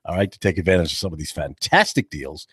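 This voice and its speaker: A man's voice: deep voice, quick pace, husky, dry recording. A man hosting a talk radio show, chatting casually and jokingly in a studio. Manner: animated, jokey, acts out other people's voices. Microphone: studio microphone.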